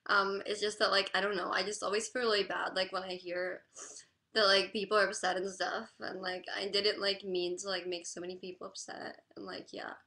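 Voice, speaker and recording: A young woman crying through a livestream chat, halting and apologetic, with the word "like" in almost every phrase. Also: mid-range voice, level tone, bright, forceful tone. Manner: halting, apologetic, full of "like" fillers.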